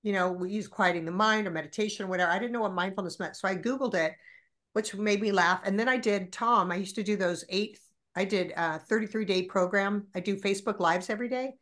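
A woman's voice: mid-range voice, fast. A woman in her forties, a podcast guest, telling stories candidly and animatedly with plenty of swearing. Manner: animated, profane storyteller.

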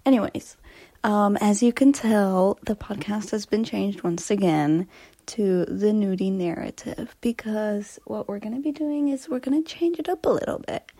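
A woman's voice: medium pitch, normal speed, dark tone. A young woman hosting a casual solo podcast, chatting in a rambling way and sometimes dropping to a whisper, recorded on a phone voice memo. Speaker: podcast host.

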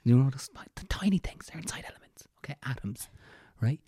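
A woman voicing an overhelpful female exam invigilator in a whispered role-play, dropping hints in a loud stage whisper. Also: rumbling low, fast, husky, no echo, clean studio sound, exaggerated voice. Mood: coaxing.

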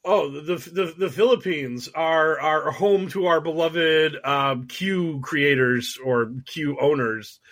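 A man co-hosting a podcast, chatting casually with sarcastic asides and lots of quick agreement. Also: on the high side, fairly bright tone. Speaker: podcast co-host. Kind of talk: casual chat.

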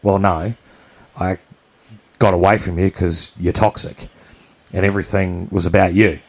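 A man's voice: low voice, little pitch movement, moderate pace, vocal fry. A man from New Zealand, co-hosting a podcast, telling a personal story in a candid, blunt, rambling way. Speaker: podcast co-host.

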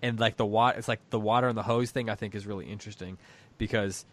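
A man's voice: lowish voice, fairly even intonation, fast talker, a bit bright. A man co-hosting a book discussion podcast, reflecting aloud and reading passages from a story. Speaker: podcast co-host.

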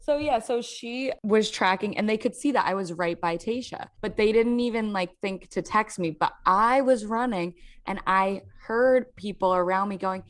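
A woman with a Philadelphia accent, co-hosting a casual podcast and telling an animated story full of "like"s. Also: mid-range voice, moderate pace, few pauses. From South Jersey near Philadelphia. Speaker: podcast co-host. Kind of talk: casual chat.

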